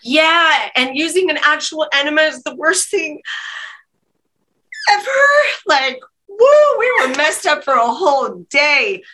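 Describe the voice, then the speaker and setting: A woman in her forties with a bright, ringing tone and a voice pitched a little high. She talks in a candid, lively way, telling stories in casual chat and laughing often. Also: a little slow, poor audio. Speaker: podcast guest.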